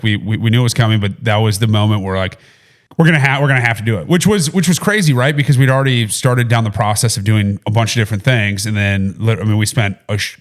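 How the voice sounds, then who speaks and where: Loud, rambling male podcast co-host. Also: lowish voice. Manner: loud, rambling, lots of fillers and restarts. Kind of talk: casual business podcast chat.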